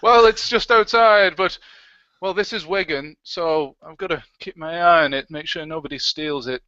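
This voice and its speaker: A man's voice: fairly high pitch, fairly even intonation, moderate pace, bright, forceful tone, dry recording. A man co-hosting a livestream, chatting casually and jokily and reading out viewer comments. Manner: jokey, chatty, reads out comments. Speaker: livestream co-host. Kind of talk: casual chat. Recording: dull, lo-fi stream audio.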